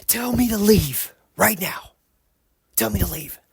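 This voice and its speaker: A man mimicking his distraught ex-girlfriend in a shrill, pleading voice while telling a story. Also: brisk, creaky, breathy edge, heavily acted. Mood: pleading, upset.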